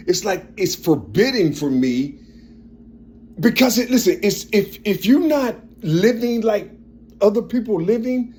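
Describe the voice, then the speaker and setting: This man in his fifties sounds strong and forceful, with a high voice, lively intonation and a measured pace. He rambles through a personal monologue and repeats phrases while he hunts for words.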